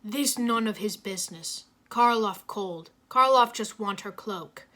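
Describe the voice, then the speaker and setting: A woman's voice: mid-range voice, unhurried, bright, forceful tone. A woman voicing a hulking male brawler with a thick accent who speaks in blunt, broken sentences. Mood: gruff. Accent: thick foreign accent put on. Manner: blunt, broken grammar, refers to himself by name. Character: hulking brute fighter, man, broken speech.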